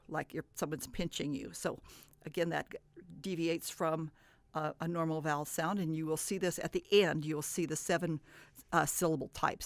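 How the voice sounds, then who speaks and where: A woman's voice: on the low side, dry recording. A woman teaching reading, who explains patiently and stretches out words to model the sounds. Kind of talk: instructional talk.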